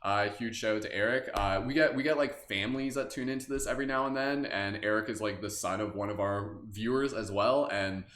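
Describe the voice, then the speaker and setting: A man's voice: fairly low pitch, brisk, hardly any pauses, a bit bright, a little hiss or hum. A man hosting a live-streamed guided meditation, talking loosely and rambling into silly asides between affirmations. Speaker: meditation host. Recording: roomy echo.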